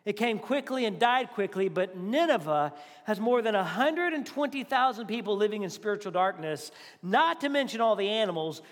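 A male pastor preaches to his congregation in a loose, talky way, acting out the lines he quotes. His voice sits very high for a man. The sound rings out with the long reverb of a large hall. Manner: conversational, animated preaching with acted-out quotes. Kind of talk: sermon.

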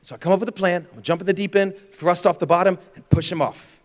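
High-voiced animated male preacher, reverberant hall. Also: fast talker. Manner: animated storyteller, acts out scenes with shouts and gasps. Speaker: pastor. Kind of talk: sermon with storytelling.

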